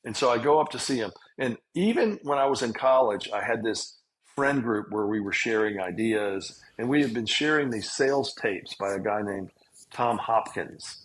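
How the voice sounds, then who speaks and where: A man's voice: on the low side, expressive, normal speed, a little hiss or hum, low-quality recording. A man, a guest telling long, rambling stories in an interview. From Southern United States. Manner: rambling, self-aware storyteller. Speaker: guest, healthcare entrepreneur and investor. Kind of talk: storytelling interview.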